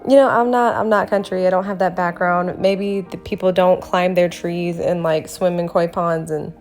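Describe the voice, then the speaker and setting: A woman narrating her drawing process in a casual vlog, animated and laughing often. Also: lowish voice, normal speed, faint music behind. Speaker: art vlogger.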